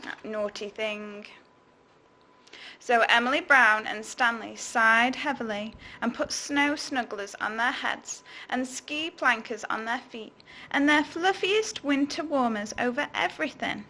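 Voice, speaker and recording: Bright, slow teacher reading aloud. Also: female voice, a little high. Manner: expressive, slow, asks children questions. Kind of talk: reading a storybook to children.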